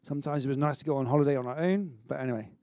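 A middle-aged man preaching a sermon in an energetic, conversational way, with stammered restarts and self-mocking humour. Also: medium pitch, very fast, no echo, studio quality. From Wales. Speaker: pastor.

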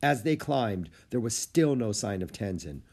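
A man reading a children's chapter book aloud in an expressive storytelling manner. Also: on the low side, a little slow, gravelly. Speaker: audiobook narrator.

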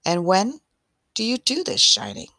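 A woman's voice: mid-range voice, wildly swooping pitch, measured pace, sharp tone, no room sound, clean studio sound, voice pushed up, exaggerated voice. A woman voicing a curious, inquisitive voice in a read-aloud story that keeps asking questions.

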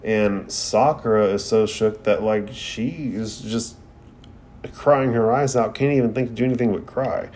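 Male anime reviewer, rambling casual commentary with cursing, mellow and unhurried. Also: on the low side, a little hiss or hum. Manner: profane, rambling, frequent "like".

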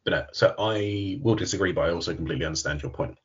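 A man with a deep, very raspy voice chats easily on a podcast, rambling through his stories and laughing often. His voice is gravelly and rough, and the recording sounds dull and lo-fi. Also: quick pace. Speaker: podcast co-host. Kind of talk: casual chat.

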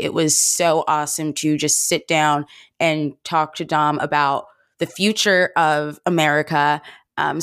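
Woman in her twenties, podcast host; low, groggy morning voice, upbeat and chatty, dry close mic. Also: clear, resonant tone, no room sound. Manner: chatty, upbeat, self-deprecating. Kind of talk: casual podcast intro.

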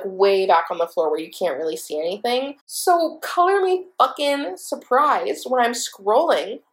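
A young woman hosting her own podcast, telling a story in an excitable, profane, breathless way. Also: mid-range voice. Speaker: podcast host. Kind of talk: casual storytelling monologue.

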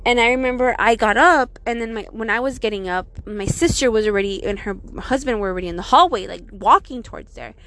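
Young woman, casual storyteller, profane and animated, slightly high-pitched, faint background hum. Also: brisk, hardly any pauses. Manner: profane, animated, lots of "like" fillers.

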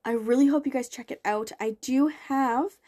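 Earnest motivational woman, somewhat high voice. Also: normal speed, mellow. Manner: encouraging, earnest, repetitive emphasis. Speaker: podcast host and life coach. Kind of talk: motivational podcast talk.

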